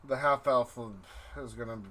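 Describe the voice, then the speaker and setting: A man's voice: mid-range voice, fairly even intonation, normal speed, bright, forceful tone, a little hiss or hum. A man narrating as dungeon master in a casual, swearing style. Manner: casual, profane, laughing. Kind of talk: narrating a tabletop game.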